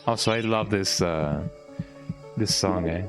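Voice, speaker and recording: A man's voice: deep voice, measured pace. A man streaming a video game, rambling casually and tagging his lines with "eh?". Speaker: gaming streamer. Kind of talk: casual let's play commentary. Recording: game music playing behind.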